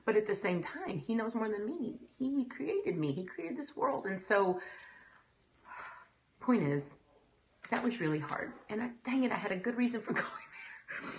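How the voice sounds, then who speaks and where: A woman with a medium-pitched voice gives a personal talk to an audience at a measured pace, pausing often, speaking emotionally and animatedly and slipping into quoted voices. The recording has its highs cut off and a little hiss or hum.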